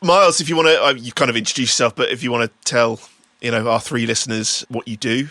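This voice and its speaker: A man's voice: mid-range voice, fast talker, sharp tone, no echo. A man hosting a casual podcast chat, laughing often, swearing freely and rambling through asides. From United Kingdom. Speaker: podcast host.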